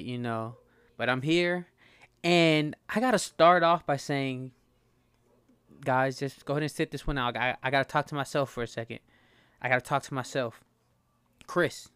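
Fast-talking man hosting a casual podcast. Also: on the high side, a bit bright, clear, resonant tone, dry recording, clean studio sound. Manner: talks fast, stumbles and stutters, swears freely. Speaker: podcast host. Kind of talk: casual solo podcast monologue.

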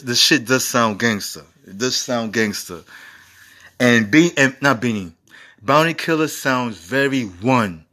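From a home recording setup, a man in his forties hosts a casual music review show, rambling and swearing with enthusiastic asides. His voice is medium in pitch with a sharp tone.

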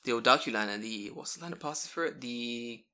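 A man telling stories in a casual podcast chat, animated and full of swearing. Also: medium pitch, a little fast, clean tone. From English-speaking foreigner living in Japan.

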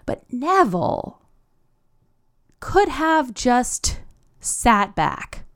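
A woman's voice: a little high, very animated, slow, clean tone. A young adult woman hosting a podcast in a casual monologue, gushing and chatty with a rambling flow. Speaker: podcast host.

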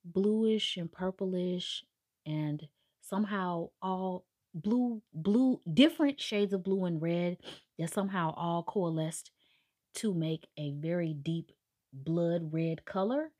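A woman with a low voice gives a casual, chatty recap of a book. She drops sarcastic asides and briefly acts out what the characters say. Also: slow pace, warm tone. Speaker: book reviewer.

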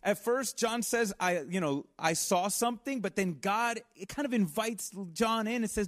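A man with a high voice preaches in a relaxed, conversational way. He talks earnestly, repeats himself, and breaks into asides to the congregation. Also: normal speed, hardly any pauses. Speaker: pastor. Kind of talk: sermon.

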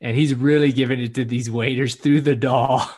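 A man in casual podcast chat, relaxed and agreeable, laughing easily. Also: medium pitch, moderate pace, breathy edge. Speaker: podcast co-host.

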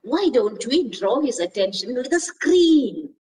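A woman's voice: a little high, big pitch swings, a little slow, mellow. A woman voicing a bold, scheming male squirrel in a storybook reading, eager and bossy. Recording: voice distant from mic.

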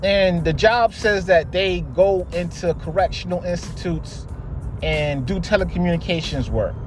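High-voiced young man ranting bluntly. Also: measured pace, music in the background. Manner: heavy swearing, blunt and exasperated. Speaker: podcast host. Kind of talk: casual storytelling monologue.

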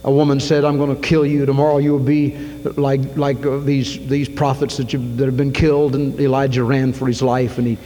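A man preaching a sermon in a church, telling a story with acted-out voices that swing from shouts to whispers. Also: mid-range voice, level tone, a little fast, few pauses. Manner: dramatic storytelling, acts out quotes, rising to shouts then dropping to whispers. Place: church sanctuary. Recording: long hall reverb, faint hum.

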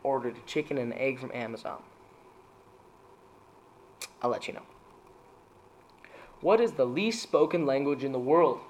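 A man casually reading dad jokes aloud as a streamer, laughing at his own punchlines and jumping into higher voices for them. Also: lively intonation, normal speed, pauses often, slight background noise.

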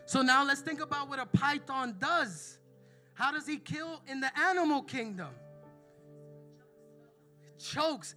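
Brief: male preacher, very high bright voice, emphatic sermon delivery, faint music underneath. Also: lively intonation, measured pace, pauses often. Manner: emphatic, calls out to the congregation.

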